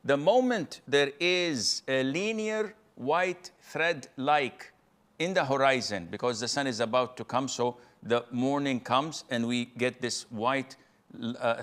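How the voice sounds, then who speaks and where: Male scholar answering a q, calm n steady, walks thru it step by step, middle pitch voice. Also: slow. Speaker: Islamic scholar answering questions. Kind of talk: religious Q&A explanation.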